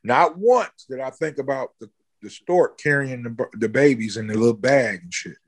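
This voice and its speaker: A man in an interview, casually telling a long story, swearing freely and jumping high in pitch when he acts out what people said. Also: normal speed. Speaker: interview guest, musician.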